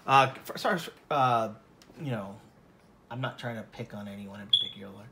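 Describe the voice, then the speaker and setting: A man's voice: on the low side, normal speed, sharp tone, roomy sound, slight background noise. A man from Colorado giving a casual oil painting lesson, rambling and self-deprecating, with many fillers. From Colorado, USA.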